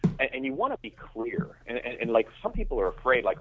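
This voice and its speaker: A man's voice: mid-range voice, very animated, fairly quick, breathy edge. Male guest heard over a thin, phone-like line, emphatic and self-restarting. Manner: emphatic, repeats words when starting sentences. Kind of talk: conversational business interview.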